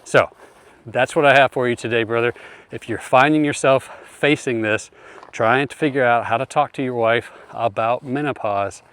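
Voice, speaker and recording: Earnest male coach, mid-pitched, plain advice talk, addresses the listener as brother. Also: moderate pace, a bit bright, clean tone. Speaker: marriage coach. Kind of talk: direct-to-camera advice talk.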